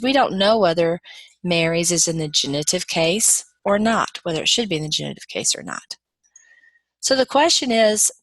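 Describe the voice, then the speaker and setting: A woman lecturer walks through grammar examples in a patient, explanatory way, now and then restarting a phrase. Her voice sits on the low side. The recording is dry, with no room echo. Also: fairly bright tone.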